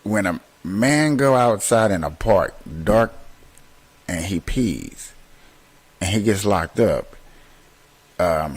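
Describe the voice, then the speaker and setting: A man hosting and talking to viewers, slow and emphatic, repeating words for stress. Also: fairly low pitch, husky, poor audio. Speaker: host. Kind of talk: commentary to viewers.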